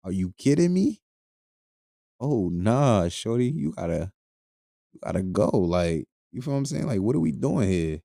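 Man, podcast host, crude joking rant, low mellow voice, dry close sound. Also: sing-song, measured pace, vocal fry, dry recording. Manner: crude, joking, loose and rambling, laughs often.

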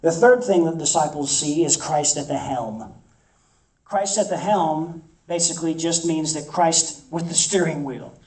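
Mellow-voiced preacher in an echoey room. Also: medium pitch, measured pace, distant mic. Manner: emphatic, repeats phrases for effect. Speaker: campus ministry preacher. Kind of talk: sermon.

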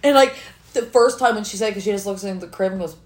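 A woman's voice: mid-range voice, fast, reverberant. A young woman co-hosting a casual podcast chat, telling funny stories with lots of giggling. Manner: giggly, animated storyteller. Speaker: podcast co-host.

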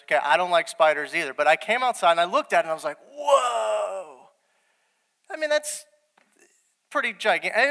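Young male preacher, bright tone, storytelling manner, long reverb from a church hall. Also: on the high side. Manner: storytelling, animated, quoting his wife in dialogue. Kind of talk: sermon.

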